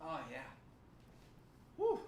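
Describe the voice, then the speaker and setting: A man's voice: very slow, mellow, highs cut off, slight background noise. A man hosting a livestream, chatting casually with viewers, reading out their messages and joking with a lot of swearing. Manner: profane, joking, reading chat aloud. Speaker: streamer host.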